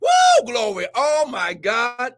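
A male preacher delivering a fiery sermon and prophecy, shouting, whooping, and calling out "listen" and "glory" again and again. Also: very high-pitched, huge pitch swings, slow pace.

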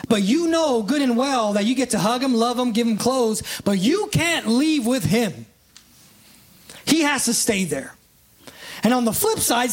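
Chatty preacher asking "right?". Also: mid-range voice. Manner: peppers talk with "right?" and "you know"; casts listeners in live illustrations. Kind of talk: conversational sermon.

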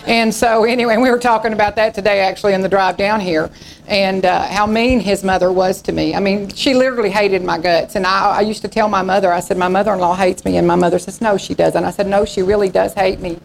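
A woman's voice: medium pitch, steady tone, fast talker, creaky, slight background noise, rough recording. A woman pastor in her sixties, preaching in a folksy storytelling way and acting out the voices in her stories. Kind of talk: sermon.

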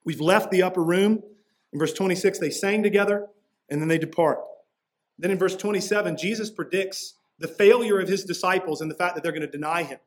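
A man delivers a sermon as pastor, his voice sitting a bit high for a man. He talks in a loose, conversational way and drops in casual asides as he explains. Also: a little fast.

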